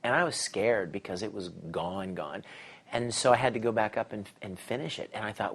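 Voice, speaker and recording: A middle-aged man, a voice actor, telling stories in an interview with lively energy, laughing and acting out quotes. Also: medium pitch, moderate pace. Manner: animated, laughs often, acts out quotes. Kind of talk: casual interview storytelling.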